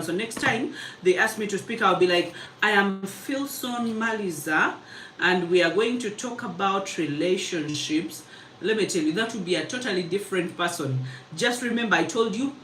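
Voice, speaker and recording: A woman coaching a live mentorship session, talking fast and emphatically and reading out comments. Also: mid-range voice, a bit bright, reverberant, recorded from a distance, slight background noise, rough recording. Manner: fast, emphatic, chatty, laughs easily. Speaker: mentor and public speaking coach.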